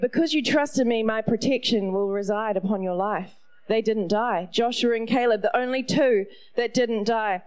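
Woman, New Zealand accent, middle-aged, high voice, pastor, animated sermon storytelling. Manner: animated, playful storyteller with asides.

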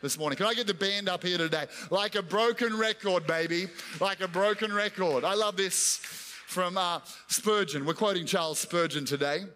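A man preaching an animated sermon in a church, acting out voices and chanting repeated prayers. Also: high voice, moderate pace. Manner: animated, acts out God and angels, chanting repetitions. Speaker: pastor. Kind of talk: energetic sermon with acted-out voices. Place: church hall. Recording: long hall reverb.

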